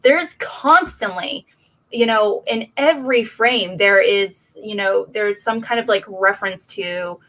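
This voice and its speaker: A woman's voice: mid-range voice, unhurried, a bit bright. A woman co-hosting a casual movie chat who talks hesitantly, full of fillers and restarts. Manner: hesitant, many fillers like "you know" and "uh". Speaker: co-host.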